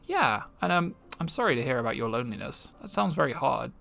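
A man voicing a young female witch who talks in a bright, eager and earnest way. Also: mid-range voice, big pitch swings, quick pace, creaky, music in the background.

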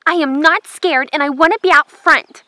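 A woman's voice: sits high, normal speed, sharp tone, no echo, rough recording. Woman doing Tronta, a vain snooty gray mare. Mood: haughty. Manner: snooty, dramatic, complaining. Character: vain haughty gray mare who calls herself a queen. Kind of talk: toy horse drama voice acting.

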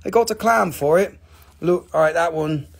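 High, gravelly-voiced joking rock seller. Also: male voice, moderate pace. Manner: goofy, teasing, jumps into high excited squeals. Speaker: host of a live online rock and mineral sale. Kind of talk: joking live-stream sales banter.

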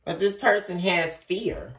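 A woman giving a casual tarot reading, talking straight to the viewer in an animated way and swearing freely. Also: on the low side, a little slow. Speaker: tarot reader. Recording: echoey room from far off, faint noise.

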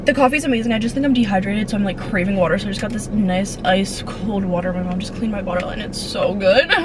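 A woman's voice: medium pitch, quick pace, hardly any pauses. Young woman vlogging on her phone, chatty and bubbly, kinda noisy audio. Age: young adult. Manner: chatty, bubbly, lots of "like" fillers. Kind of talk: casual vlog chat.

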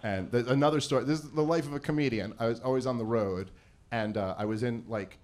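A man's voice: mid-range voice, quick pace, a little mellow. A man in his thirties doing a rambling, self-deprecating stand-up comedy set on a live event stage. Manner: rambling, self-deprecating, lots of fillers and acted-out quotes.

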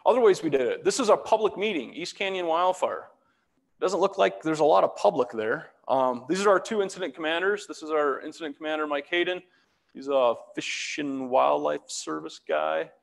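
A fairly high-voiced man presents his slides in a relaxed, chatty way and drops self-deprecating jokes as he goes. His voice rings with a long reverb, as if he is speaking in a large hall. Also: normal speed, creaky. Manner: self-deprecating, joking asides. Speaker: fire meteorologist giving a public talk. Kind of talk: casual presentation walking through slides.

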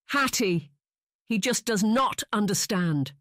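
A woman's voice: low-pitched, moderate pace, darkish tone, no room sound, clean studio sound. A woman narrator voicing a tearful, emotional young woman who wails and pleads, in an audiobook reading. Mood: distraught. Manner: wailing, pleading.

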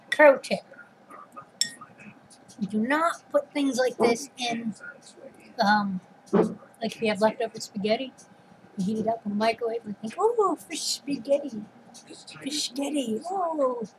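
A woman vlogger rambles slowly and loosely while she eats, sometimes talking with her mouth full. Her voice sits a little high. A steady hiss of noise runs under the recording. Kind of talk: casual eating vlog chat. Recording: noisy home recording.

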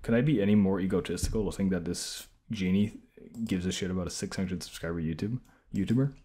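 A man streaming himself taking online quizzes, reacting out loud with sarcastic, self-mocking commentary. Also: deep voice, quick pace.

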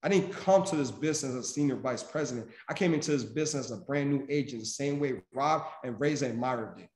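A man's voice: medium pitch, quick pace, a little mellow. A man giving a motivational speech to his sales team, emphatic and preachy. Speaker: senior vice president and sales mentor. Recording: echoey room.

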